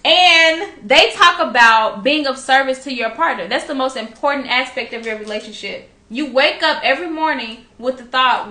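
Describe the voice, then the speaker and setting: A high-pitched woman with a bright, sharp tone, chatting as a podcast co-host. She tells stories in an animated way and swears freely. The room is echoey. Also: normal speed, few pauses. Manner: animated storyteller, swears freely, laughs often. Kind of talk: casual chat.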